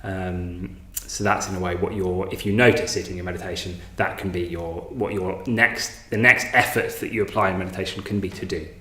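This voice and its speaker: Male meditation teacher, low voice, hesitant and loose, roomy home recording. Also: steady tone, brisk, pushed and bright. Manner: hesitant, many fillers and restarts. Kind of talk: informal meditation talk. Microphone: online class, home recording.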